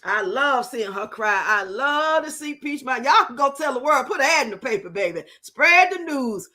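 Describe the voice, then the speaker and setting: A young woman hosting a live stream, chatting loudly and profanely, teasing and laughing as she reads out viewers' comments. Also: high voice, animated, normal speed. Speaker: livestream host. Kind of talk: casual live-stream chat reacting to a reality show.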